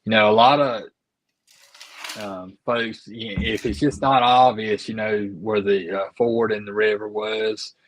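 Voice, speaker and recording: A man's voice: lowish voice, fairly even intonation, a little slow, slight background noise, rough recording. A man co-hosting a casual chat, easygoing and talking with lots of "you know"s. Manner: easygoing, filler-heavy, with many "you know"s. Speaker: co-host.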